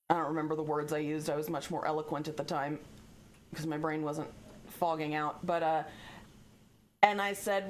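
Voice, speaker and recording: A young adult woman streaming, telling stories in a casual, animated way, swearing freely and acting out the people she quotes. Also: low voice, fairly quick, a little hiss or hum. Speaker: live streamer. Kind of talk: casual storytelling chat.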